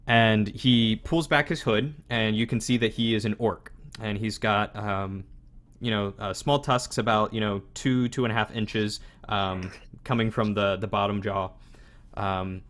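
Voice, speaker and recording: A man's voice: fairly low pitch, steady tone, a little slow, fairly bright tone. A man narrating as game master of a tabletop game, hesitant and full of fillers. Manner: hesitant, lots of fillers, chuckling.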